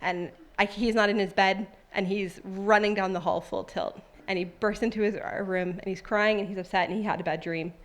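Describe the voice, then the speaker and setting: A woman's voice: medium pitch, steady tone, moderate pace, hardly any pauses. A woman in her thirties at a church service, sharing a personal testimony in a conversational, heartfelt way and then reading scripture aloud. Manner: conversational and heartfelt, with many fillers.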